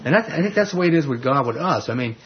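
Animated male preacher on a dull recording. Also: fairly high pitch, racing, a little hiss or hum. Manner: animated storytelling, acts out quoted voices, frequent stammered restarts. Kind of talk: sermon with personal stories.

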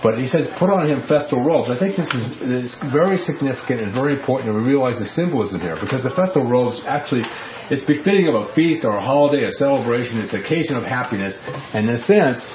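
A man's voice: mid-range voice, lively intonation, quick pace, highs cut off, noisy background. A man teaching through a Bible passage verse by verse, in a conversational way that keeps checking in with his listeners. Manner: conversational, checks in with frequent "okay?".

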